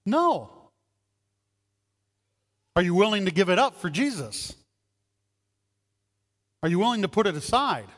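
A man's voice: high voice, big pitch swings, a little slow, long pauses, fairly bright tone, big-room sound. A man preaching a sermon as pastor, talking conversationally and asking the congregation rhetorical questions.

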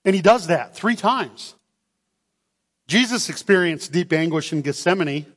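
High-voiced animated male preacher. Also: a little slow. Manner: animated, calls for amens, acts out voices. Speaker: pastor. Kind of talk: sermon. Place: church sanctuary. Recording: long hall reverb.

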